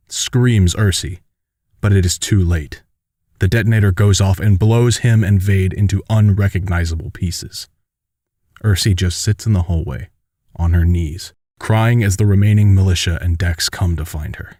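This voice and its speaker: A man narrating a fanfiction audiobook in a steady, measured storytelling manner. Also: sits low, dry recording, studio quality.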